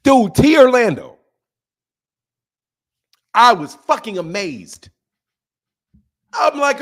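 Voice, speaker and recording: A middle-aged man hosting a boxing channel, ranting and mocking his critics with heavy profanity, swinging between loud and soft. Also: very high-pitched, very animated, slow pace, long pauses. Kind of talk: ranting commentary.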